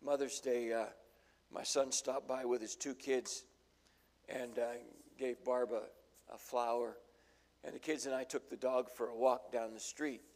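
A man's voice: medium pitch, fairly even intonation, measured pace, darkish tone. An older man preaching a sermon in a folksy, storytelling way, acting out the voices in his stories. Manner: folksy storytelling, acts out quotes. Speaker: pastor.

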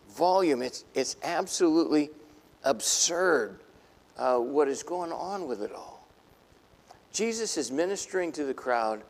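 A man preaching a sermon, telling a Bible story in lively fashion and acting out the people in it. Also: mid-range voice, creaky, long reverb tail. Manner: animated storytelling, voicing biblical figures. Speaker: pastor.

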